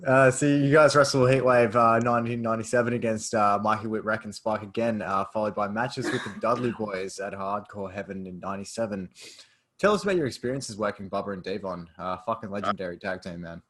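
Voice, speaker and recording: A man's voice: fairly low pitch, a little fast, fairly bright tone. A man co-hosting a podcast, reading out questions with casual enthusiasm. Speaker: podcast co-host.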